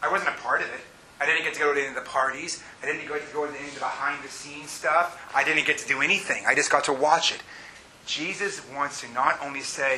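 A middle-aged man preaching with earnest conviction, his voice high and strikingly bright. He mixes personal stories with climbing, fervent emphasis. A faint hiss sits under the recording. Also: fairly even intonation, fast, poor audio. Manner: personal storytelling with laughs. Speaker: pastor. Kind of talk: sermon.

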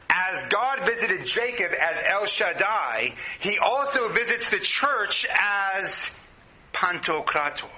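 A pastor with a high-pitched, sharp voice preaches an impassioned sermon, speaking directly to his congregation in a church hall. The roomy, echoing recording carries a little hiss or hum.

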